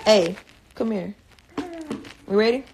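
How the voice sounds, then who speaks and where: A woman's voice: medium pitch, slow, gravelly, background noise. A young woman, a mother filming her baby, chatting casually and slangily to her viewers. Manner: laid-back, slangy, talks to viewers and baby. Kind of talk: casual vlog chat.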